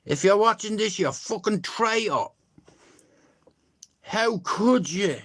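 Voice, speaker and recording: Man streaming live, profane mocking rants, drawn-out slow speech. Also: high-pitched, sharp tone. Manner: crude, mocking, profane ranting.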